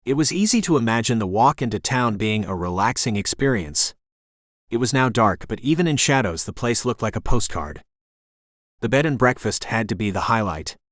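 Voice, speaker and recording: A man narrating a romance audiobook in the first person, in an even storytelling manner. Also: on the low side, no room sound, clean studio sound.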